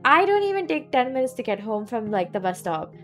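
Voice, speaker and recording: This twenties-aged woman, who has a Southeast Asian accent, speaks a little fast in a slightly high, very animated voice. She meanders through chatty, "like"-filled stories while streaming a game, with faint music in the background.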